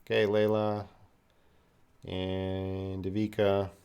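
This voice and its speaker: A man's voice: low voice, completely flat delivery, slow pace, darkish tone, smooth. A man with a Canadian accent, an English teacher answering chat questions in a live-stream lesson, explaining patiently in simple words.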